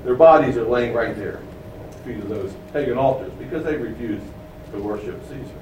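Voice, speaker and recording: A man's voice: medium pitch, a little fast, noisy background. Man preaching in an echoey hall. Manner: explains, asks the room questions. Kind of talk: sermon. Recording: echoey room, mic at a distance.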